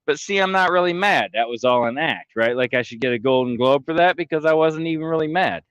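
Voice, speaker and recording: A man livestreaming, ranting theatrically with heavy swearing and mockery, jumping from mutters to shouts. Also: a little high, a little fast, clear, resonant tone, no echo, rough recording. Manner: theatrical, swings from mumbling to shouting. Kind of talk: profane livestream rant.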